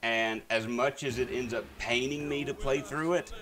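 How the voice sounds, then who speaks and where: A man's voice: medium pitch, fairly even intonation, normal speed, fairly bright tone. A man streaming a video game, chatting to viewers in a rambling, casual way with lots of fillers and restarts. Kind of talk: casual gameplay commentary. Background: faint game music.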